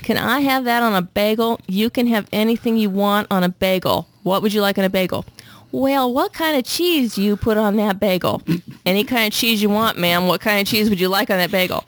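A woman imitating two slow-talking Southern women who are ordering at a café counter, using a drawling Southern US accent. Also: medium pitch, natural voice. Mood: syrupy.

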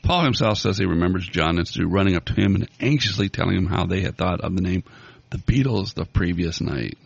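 A man's voice: deep voice, vocal fry, slightly rough. A man with a Southern US accent co-hosting a podcast, chatting casually, joking and reading trivia aloud. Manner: playful, joking, quick to laugh. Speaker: podcast co-host. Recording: dull dry lo-fi audio.

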